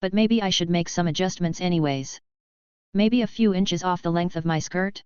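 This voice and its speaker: A woman's voice: fairly low pitch, normal speed, a little mellow, clean tone, no room sound. A woman narrating a novel in the first person, with a casual, snarky manner. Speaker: audiobook narrator. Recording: dull lo-fi audio.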